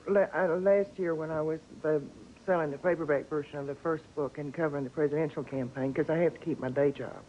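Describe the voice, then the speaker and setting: A woman's voice: low-pitched, fairly even intonation, fast talker, few pauses, mellow, dull audio, slight background noise. A woman from East Texas with a Texan accent, a columnist and author telling stories with dry, wry humor as a guest on a talk show.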